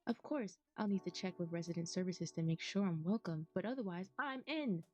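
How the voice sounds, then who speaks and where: A woman's voice: fairly low pitch, a little fast, darkish tone, lo-fi sound, faint music behind, lightly acted. An American woman reading aloud the lines of a sweet, theatrical female deer villager in a video game, calling people darling. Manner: affectionate, says darling.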